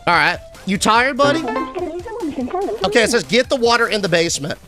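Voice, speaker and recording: High-voiced young man streaming a game. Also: lively intonation, brisk, soft background music. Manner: casual, reads and answers chat, shout-outs. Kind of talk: live game stream with chat.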